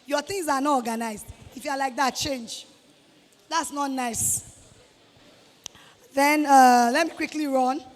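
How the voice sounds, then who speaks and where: A woman with a Nigerian accent giving an animated motivational talk to students, scolding them and acting out quoted voices. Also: high-pitched, measured pace, long pauses, long reverb tail. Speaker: guest speaker to students. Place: hall with students.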